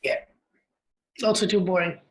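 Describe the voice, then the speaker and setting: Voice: mid-range voice, fairly even intonation, normal speed, roomy sound. A film podcast co-host who talks hesitantly, often stopping and restarting sentences, and answers in short clipped replies. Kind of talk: casual film chat.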